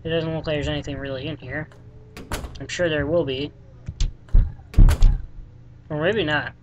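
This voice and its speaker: A let's play gamer talking through a game in casual commentary. The delivery is dry and sarcastic, with plenty of swearing. The voice sits at an ordinary middle pitch. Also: normal speed, lo-fi sound, noisy background. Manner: sarcastic, deadpan, swears often.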